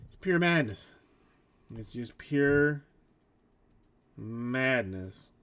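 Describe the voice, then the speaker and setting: A man's voice: mid-range voice, lively intonation, extremely slow, a bit bright. A man hosting a live stream, telling a rambling story in casual chat, acting out both sides of a conversation. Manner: rambling, with many restarts and quoted back-and-forth.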